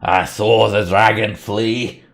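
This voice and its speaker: A man voicing a brave, one-armed male dwarf miner who blusters gruffly. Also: lowish voice, fairly even intonation, slow pace. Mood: grateful.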